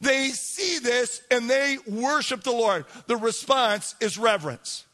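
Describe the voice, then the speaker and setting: A male pastor preaching an animated sermon, asking the congregation to repeat words back. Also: very high-pitched, takes it slowly. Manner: animated, calls for congregation responses.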